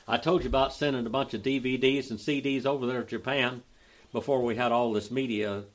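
Speaking in a steady, medium-pitched voice, an older Oklahoman with a Southern accent teaches a Bible study. He drawls in a folksy way while slowly spelling out the Greek grammar.

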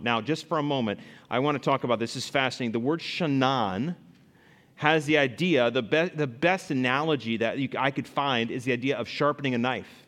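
A male pastor preaching a sermon, animated, rising loud for emphasis and dropping low to read scripture. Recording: long reverb in a large hall.

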